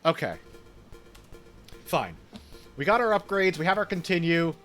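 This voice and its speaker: A man's voice: on the high side, big pitch swings, unhurried, fairly bright tone, faint music behind. Chatty New York gamer guy. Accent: New York Italian-American. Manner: chatty, laughs often, swears casually. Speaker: game streamer. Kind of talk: casual chat while gaming.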